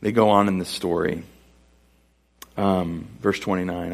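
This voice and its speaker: A man's voice: deep voice, flat delivery, measured pace, vocal fry, long pauses. A man preaching a sermon to a live congregation, conversational and joking in his asides. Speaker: pastor. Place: church before a live congregation.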